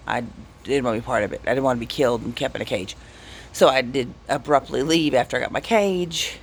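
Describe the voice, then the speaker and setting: Here a gravelly, medium-pitched male voice rambles through casual stories for his vlog, often interrupting himself to restart. The anecdotes are animated, with slight background noise behind them.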